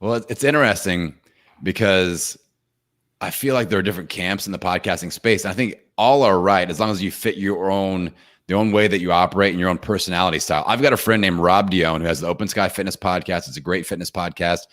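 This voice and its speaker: A man hosting a podcast interview, talking in a relaxed, affirming and conversational way. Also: low-pitched, fairly quick. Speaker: podcast host. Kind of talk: casual interview chat.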